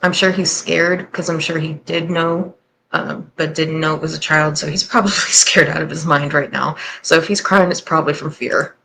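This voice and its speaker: A woman's voice: low voice, steady tone, moderate pace, gravelly, sharp tone, a little hiss or hum, low-quality recording. A woman hosting a reaction commentary, candid and sarcastic in her skeptical remarks. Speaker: host and commentator.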